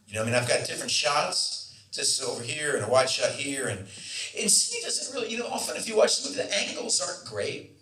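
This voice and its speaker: A man's voice: a little high, a little fast. A man telling an anecdote at a festival Q&A, acting out the voices of the people in his story. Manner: animated, acts out other people's voices. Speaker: festival Q&A guest. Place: festival Q&A venue. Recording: roomy hall, distant mic, faint noise.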